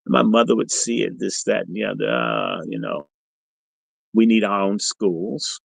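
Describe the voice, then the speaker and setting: A middle-aged man with a lowish, creaky, slightly rough voice speaks at a moderate pace. As a podcast host on a livestream, he tells an animated story monologue that's provocative, profane and combative, captured in a low-quality recording with no room sound.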